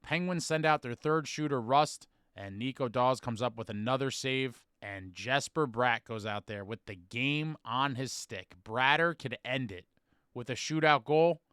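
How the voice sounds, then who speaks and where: A man hosting a hockey fan podcast, recapping a game with animated storytelling. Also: mid-range voice, measured pace, smooth, no room sound, clean studio sound. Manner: animated storytelling, bursts into shouted chants when reliving moments.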